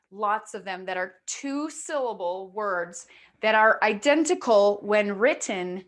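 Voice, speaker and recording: A woman teaching English pronunciation to a class, explaining patiently step by step and often checking in with her students. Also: mid-range voice.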